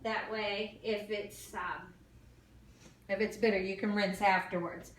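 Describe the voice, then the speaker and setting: Woman giving calm clinical instructions, echoey room. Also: medium pitch, slow pace, far from the mic, slight background noise. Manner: calm step-by-step instructions with fillers. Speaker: nursing student doing an exam demo.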